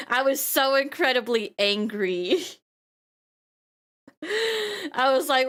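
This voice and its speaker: High-pitched woman streamer, casual chat, keeps giggling and repeating words. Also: animated, slow pace, pauses often, a bit bright. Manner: giggly, laughs through her words often; stumbling restarts and repeated words.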